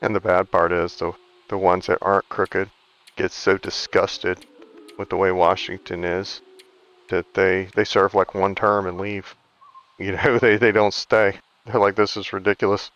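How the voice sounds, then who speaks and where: A man's voice: low-pitched, flat delivery, a little slow, a bit bright, lo-fi sound. A man giving casual, rambling commentary while playing a survival game, ranting with frequent restarts. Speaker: gaming video creator.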